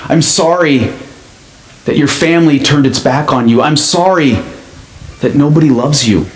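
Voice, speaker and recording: A man playing a calm pastor who speaks gently and steadily, in an echoey church. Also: on the high side, unhurried, a little hiss or hum, lightly acted. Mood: gentle.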